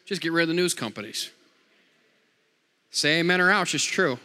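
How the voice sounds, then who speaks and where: Man, preacher, sermon, forceful higher voice, jokey call-and-response, amens, long hall reverb. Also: lively intonation, normal speed.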